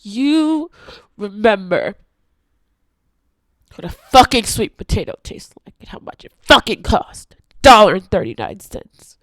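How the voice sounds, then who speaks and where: Woman vlogger ranting, lots of swearing, goes from whispering to shouting, mid pitch, dry sound. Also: wildly swooping pitch, a little slow, no room sound. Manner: profane, swings from hushed whispers to shouting. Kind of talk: angry confessional rant to camera.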